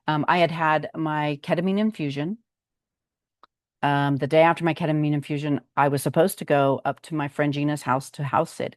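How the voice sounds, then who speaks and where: Low-voiced older woman, chatty vlog update. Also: darkish tone, dry recording, clean studio sound. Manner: chatty and meandering, with frequent ums. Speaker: vlog host. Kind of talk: casual personal update.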